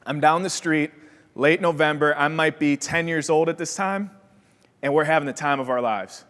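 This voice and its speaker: A man's voice: a little high, normal speed. Young man telling a motivational story. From Wisconsin, USA. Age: young adult. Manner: energetic storyteller who acts out quoted voices. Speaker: keynote speaker. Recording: long hall reverb.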